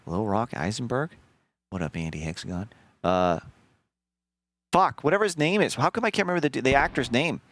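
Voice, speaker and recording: A man streaming a video game, chatting casually and telling a rambling, profane story in an animated way. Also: medium pitch, a little fast, pauses often. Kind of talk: casual gameplay commentary.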